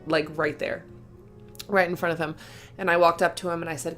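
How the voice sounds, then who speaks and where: A young woman with a slightly low voice tells a personal story to her vlog audience. She gushes with feeling, fills her sentences with "like" and "um," and breaks into small laughs. Soft music plays faintly behind her. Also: flat delivery, a little fast, long pauses. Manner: gushing and emotional, with filler words and laughs. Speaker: vlogger.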